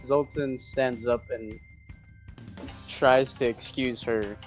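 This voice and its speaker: A male player describes what his character does in a tabletop game, speaking slowly and hesitantly and stopping to search for words. Faint music with drums runs behind him. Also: mid-range voice, fairly even intonation. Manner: slow, hesitant, halting.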